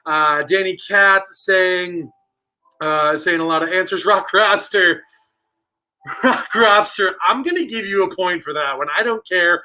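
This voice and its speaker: A man's voice: sits high, unhurried, bright, forceful tone, poor audio. A man hosting a live online trivia night, casually reading out viewer answers and joking with the chat. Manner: playful, jokey, reads out viewer answers. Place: store basement with stone walls.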